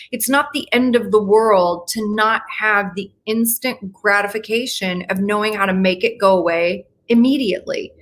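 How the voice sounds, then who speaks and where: Middle-aged woman host, casual motivational talk, frank and encouraging, slightly high voice. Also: a bit bright. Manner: frank, encouraging, talks straight to listeners. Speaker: podcast host.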